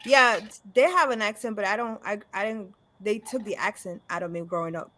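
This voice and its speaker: A woman's voice: medium pitch, a little fast, pushed and bright. A woman from El Salvador chatting as co-host on a call-in show, insistent and laughing. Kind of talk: casual radio chat.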